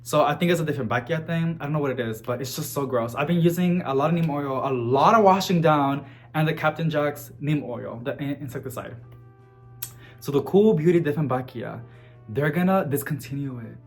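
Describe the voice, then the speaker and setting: A man vlogging about houseplants in a chatty, animated way, full of casual fillers. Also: a little high, brisk, soft background music. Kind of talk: casual chat to camera.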